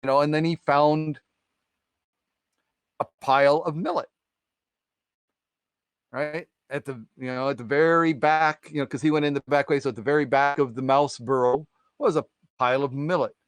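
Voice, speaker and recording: Male stream host, rambling folktale teller, smooth clear voice, dry close mic. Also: a little high, steady tone, normal speed, pauses often, no room sound. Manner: rambling, filler-heavy, keeps asking "right?". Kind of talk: casual folktale storytelling on a live stream.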